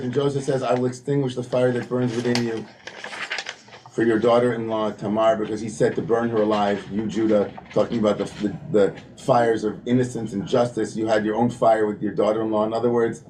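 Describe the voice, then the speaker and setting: Man, study leader at a service; warm, mellow voice; loose, chatty delivery with lots of asides; faint room ambience. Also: medium pitch, fairly even intonation, brisk, slight background noise. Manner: chatty, full of "you know" and "right?", reads Hebrew passages aloud then paraphrases. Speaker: teacher leading text study at a service. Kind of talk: conversational text-study teaching.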